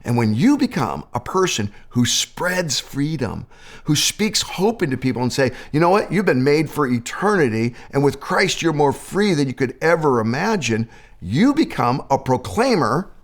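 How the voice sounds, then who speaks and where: Animated American male pastor preaching. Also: normal speed. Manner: animated preaching with dramatic pitch swings. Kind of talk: sermon.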